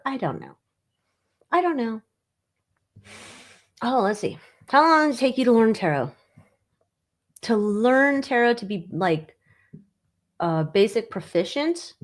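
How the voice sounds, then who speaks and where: A woman in her forties chats casually on a livestream, rambling from one thought to the next and often trailing off with "I don't know." Her speaking voice sits at a middle pitch. Her tone runs sarcastic, and she swears freely. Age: 40s. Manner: trails off with frequent 'I don't know'. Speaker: livestream host and tarot reader.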